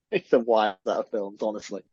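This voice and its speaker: A man's voice: on the low side, fairly even intonation, normal speed, a bit bright, slightly rough. Man, podcast co-host, wry and easygoing, muffled lo-fi sound, no room echo. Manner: easygoing, laughs along, wry asides. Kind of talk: casual podcast chat. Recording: dull, dry sound.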